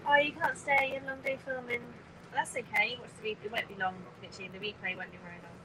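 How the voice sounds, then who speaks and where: An English woman with a slightly high, bright voice talks quickly in a steady yet forceful tone, livestreaming from a phone in her hand on a bus in traffic. She rambles and greets viewers by name; the low-quality phone audio is full of engine and road noise.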